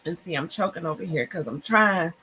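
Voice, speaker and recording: Host type: energetic woman, bright tone, talks church-style with lots of y'all, faint hiss behind. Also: lowish voice, a little fast. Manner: excited, churchy, laughing often, Southern-style "y'all" talk. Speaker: podcast host. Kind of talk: casual live-stream chat.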